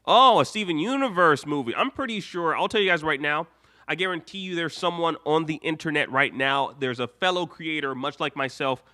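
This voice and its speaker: A young man hosts a casual live stream, rambling, reading viewer comments aloud, and laughing often. His voice is on the high side, a little fast, with a sharp tone.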